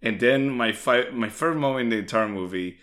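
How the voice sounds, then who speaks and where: A man's voice: mid-range voice, fast, fairly bright tone. A man co-hosting a podcast, chatting casually and enthusiastically about a film, swearing often and acting out the characters' lines. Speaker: podcast co-host. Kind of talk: casual chat recapping a film.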